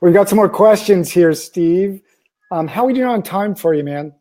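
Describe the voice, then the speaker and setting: A man's voice: high voice, lively intonation, normal speed, dark tone. Upbeat male interview host. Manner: encouraging, short agreeing remarks. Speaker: podcast host. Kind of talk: casual interview hosting.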